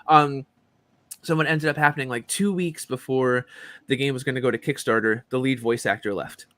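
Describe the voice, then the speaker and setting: A man's voice: mid-range voice, normal speed, no echo. A man in his forties, a voice actor and professor, telling stories as a podcast guest with lots of ums and likes. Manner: animated storyteller, many fillers like um and like. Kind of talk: casual interview chat.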